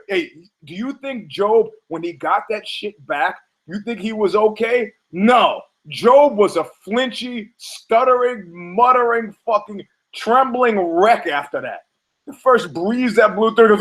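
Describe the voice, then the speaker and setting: A man's voice: sits high, a little slow, fairly bright tone, low-quality recording. Rambling, foul-mouthed man on a monologue. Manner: rambling, irreverent, acts out quotes in funny voices. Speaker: podcast host. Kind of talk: profane comedic monologue.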